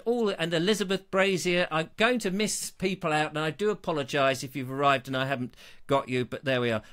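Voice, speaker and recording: A man's voice: high-pitched, a bit bright. A man hosting his own live show, chatting in a rambling, self-mocking, jokey way. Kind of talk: chatty live-stream banter.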